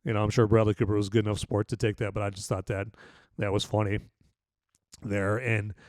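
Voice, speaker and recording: A man's voice: on the low side, flat delivery, fairly quick, a little mellow, dry recording, clean studio sound. A man hosting a podcast and casually reviewing a film, rambling with many restarts. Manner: rambling, full of "you know" and restarts. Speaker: podcast host and movie reviewer.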